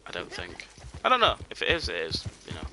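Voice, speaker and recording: A man's voice: deep voice, wildly swooping pitch, a little fast, pushed and bright, a little hiss or hum. A man streaming a game, chatting casually and rambling with lots of "you know" and "um" fillers. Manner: drops to a near whisper while sneaking up on game. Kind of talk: casual live gameplay commentary.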